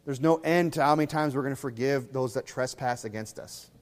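A pastor delivering a conversational sermon, acting out little scenes in other voices. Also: male voice, mid-range voice, a little fast, in a large hall.

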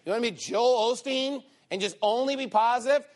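A male preacher giving a sermon, mocking and sarcastic, swinging between loud outbursts and low asides. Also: fairly quick.

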